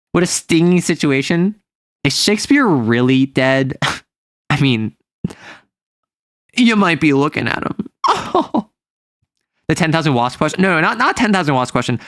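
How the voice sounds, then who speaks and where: A man's voice: a little high, a bit bright, no echo, studio quality. A man streaming live, joking around in a goofy, playful way and swinging into mock drama. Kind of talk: joking livestream chat.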